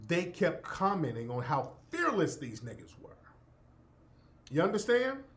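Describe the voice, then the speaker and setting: A man giving an emphatic, profane, preacher-like monologue as a commentator. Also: on the high side. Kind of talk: impassioned monologue.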